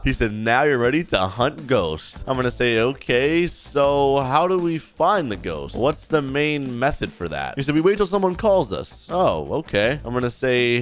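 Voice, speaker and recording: A young man narrating his role-play game session in a slangy, chatty way, reading other players' chat lines aloud as he goes. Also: medium pitch. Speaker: gaming YouTuber.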